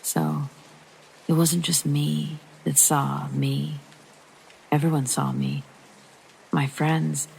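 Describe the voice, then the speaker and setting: A deeply gravelly, fry-laden voice reads a true horror story for sleep, slow and hushed, sometimes sinking to a near-whisper. Its pitch sits in a middling range. Faint rain patters underneath. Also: slight background noise, poor audio. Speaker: narrator. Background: soft rain.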